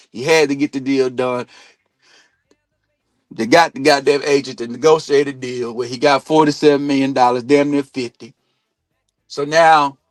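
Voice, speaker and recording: A man hosting a sports talk stream, ranting bluntly and swearing a lot, jumping between loud outbursts and low mutters. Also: no room sound. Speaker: sports talk show host. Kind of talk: profane sports opinion rant. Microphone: streaming mic.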